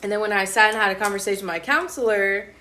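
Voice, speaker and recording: A young woman in her twenties chats casually in an interview, her voice sitting at an ordinary middle pitch. She tells her story with lively, slangy energy, often acting out what people said to her. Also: rapid-fire. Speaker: interviewee, college student. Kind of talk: casual chat.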